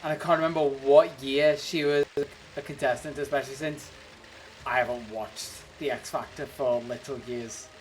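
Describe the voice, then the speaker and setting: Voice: medium pitch, steady tone, normal speed, a little hiss or hum. A streamer chatting casually to viewers during a game livestream, rambling between topics and laughing often. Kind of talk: casual livestream chat while gaming.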